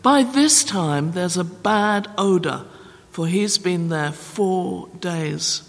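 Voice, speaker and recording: A man reading the part of Martha, a worried grown woman protesting, in a measured Bible reading. The voice is raised high and delivered slowly. A long hall echo trails every word. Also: vocal fry, full character voice.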